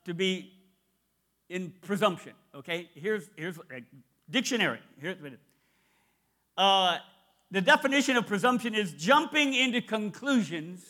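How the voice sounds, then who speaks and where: A male preacher giving a sermon, emphatic and repetitive, dropping soft then rising loud to stress his points. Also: high-pitched. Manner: emphatic, repeats key phrases, swings between soft and loud.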